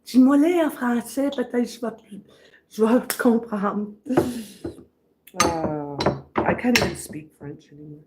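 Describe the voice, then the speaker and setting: A woman's voice: fairly high pitch, a little slow, long pauses, darkish tone, a little hiss or hum, rough recording. A middle-aged woman hosting a casual eating livestream at home, rambling and chatting to her viewers between bites. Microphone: camera on a stand.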